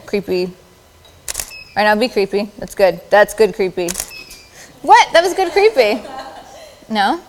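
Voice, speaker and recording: A woman's voice: medium pitch, long reverb tail, a little hiss or hum. A woman photographer directing models at a live shoot, with playful, encouraging directions. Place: large studio with audience.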